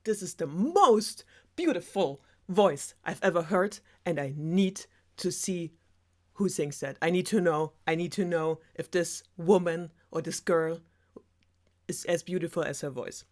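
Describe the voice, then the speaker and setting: A woman's voice: fairly low pitch, a little slow. A woman with a German accent voicing a smitten young prince in an offhand, casual way, close to her own voice.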